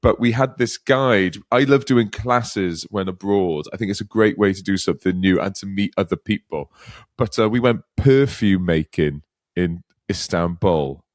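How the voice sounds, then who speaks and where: A man's voice: low-pitched, moderate pace, no echo, clean studio sound. A man co-hosting a comedy podcast, telling a rambling story and laughing often. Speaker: podcast co-host. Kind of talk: casual comedic chat.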